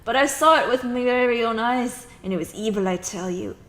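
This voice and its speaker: A woman voicing an indignant, gossipy older townswoman with loud, exaggerated outrage. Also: lowish voice, animated, normal speed. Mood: outraged. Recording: echoey room with music.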